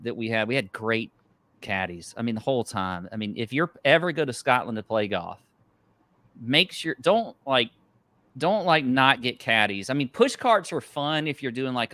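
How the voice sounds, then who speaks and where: Bright, dry-voiced man chatting casually. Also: medium pitch, no echo. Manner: rambling, loose and chatty. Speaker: podcast co-host. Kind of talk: casual golf betting chat.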